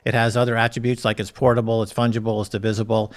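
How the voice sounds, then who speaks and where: A man's voice: fairly low pitch, flat delivery, fast. A man who is a guest on an interview show, explaining things in a lecturing way. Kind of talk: casual interview talk.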